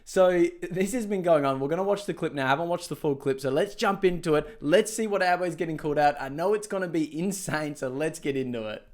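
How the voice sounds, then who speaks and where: A man's voice: a little high, a little fast, hardly any pauses. An Australian man ranting sarcastically in a reaction commentary vlog, laughing often and swearing, seated at home. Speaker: political commentator. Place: home dining room, seated.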